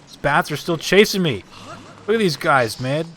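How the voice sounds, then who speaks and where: A man's voice: on the high side, animated, moderate pace, a bit bright, faint music behind. A man streaming live gameplay, joking, swearing and rambling in asides.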